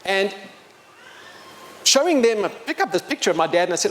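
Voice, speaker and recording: Animated man telling a story. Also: high voice, normal speed. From South Africa. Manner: animated, acting out dialogue with emotion. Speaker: children's author and speaker. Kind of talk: storytelling talk to a live audience.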